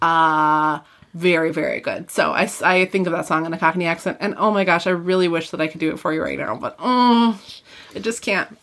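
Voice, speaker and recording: A woman co-hosting a podcast, chatting casually about a book and retelling its plot in an animated, chatty way. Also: lowish voice, a little fast. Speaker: podcast co-host.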